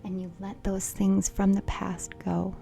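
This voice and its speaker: Playful woman reading cards, gravelly warm voice. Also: mid-range voice, little pitch movement, measured pace, faint music behind. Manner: playful, giggly, often drops to a soft whisper. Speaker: tarot reader. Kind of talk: casual oracle card reading.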